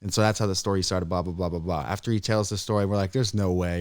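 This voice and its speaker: Young man, podcast co-host, lowish voice, dry close mic, lively storytelling. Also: fast, no echo. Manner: animated storyteller who jumps high and loud when acting out scared voices. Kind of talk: casual storytelling chat.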